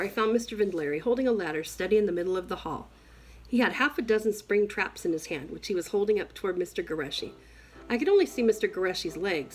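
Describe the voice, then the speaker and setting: A woman reading a novel aloud in an expressive first-person storytelling voice. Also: medium pitch, poor audio. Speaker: reader.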